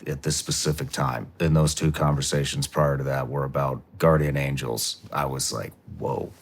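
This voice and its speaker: A man's voice: a bass voice, little pitch movement, moderate pace. A man hosting a podcast interview, sharing his own story and asking questions. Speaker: podcast host. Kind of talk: interview conversation.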